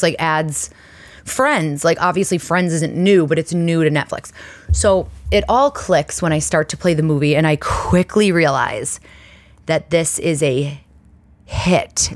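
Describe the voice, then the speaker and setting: A woman's voice: low voice, dry recording. A woman hosting her own show, chatting casually and rambling with lots of fillers and laughs. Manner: laughs often mid-sentence. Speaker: podcast host. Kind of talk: casual solo chat. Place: indoor studio under lights.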